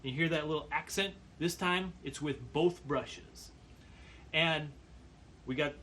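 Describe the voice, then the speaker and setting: A man giving a percussion lesson, calmly explaining brush patterns and counting beats aloud. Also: fairly high pitch, measured pace, very noisy. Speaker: percussion teacher. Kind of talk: instructional demonstration.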